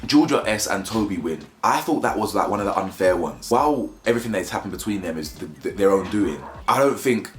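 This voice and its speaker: A man's voice: on the low side, sing-song, fast, few pauses, roomy sound. A man giving a blunt, mocking, slangy review of a reality show in casual commentary.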